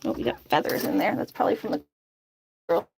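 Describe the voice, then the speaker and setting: A woman's voice: quick pace, a little mellow, a little hiss or hum. A woman chatting casually and coaxing her chickens to drink by their coop outdoors, laughing often. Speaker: chicken keeper vlogger.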